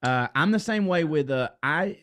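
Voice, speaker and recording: A man with a drawl and a fairly high voice, rambling through a casual podcast chat. He swears freely, laughs a lot and works himself up as he goes. He admits to being a little high. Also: moderate pace. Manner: rambling, profane, laughs often, gets excitable. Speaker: podcast co-host.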